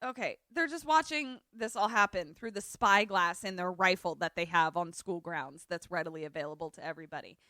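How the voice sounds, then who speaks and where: A woman with a fairly low voice talks a little fast with few pauses, recapping a film on the podcast she co-hosts and acting out quoted lines in a lively retelling. The audio is clean studio sound without echo.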